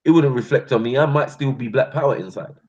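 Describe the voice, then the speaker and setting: Speaking at medium pitch and a quick pace, his voice slightly rough, the channel host spins laughing, slangy street tales in his London accent from North London. It's an animated, casual storytelling monologue, captured in a dull lo-fi recording.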